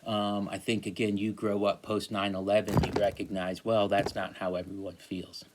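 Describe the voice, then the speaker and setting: A man's voice: fairly low pitch, flat delivery, moderate pace, very noisy. A man in his forties giving a casual recorded lecture on poetry, thinking aloud with many fillers and checking in with "right?". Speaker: teacher.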